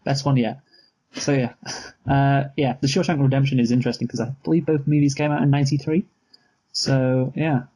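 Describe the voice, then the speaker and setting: Man, movie podcast co-host, relaxed and halting delivery, mid pitch. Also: low-quality recording. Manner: laid-back, hesitant with many fillers. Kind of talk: casual film review chat.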